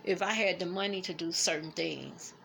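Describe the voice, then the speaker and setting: A middle-aged woman, speaking haltingly and emotionally as she reflects on family in a personal vlog. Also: lowish voice, steady tone, gravelly, fairly bright tone, a little hiss or hum. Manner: emotional, halting, fighting back tears. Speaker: vlogger.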